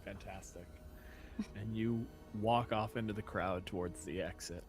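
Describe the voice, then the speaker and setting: A man's voice: lowish voice, fairly even intonation, unhurried, soft background music. Casual male game master. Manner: casual, filler-heavy narration. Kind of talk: narrating a tabletop game.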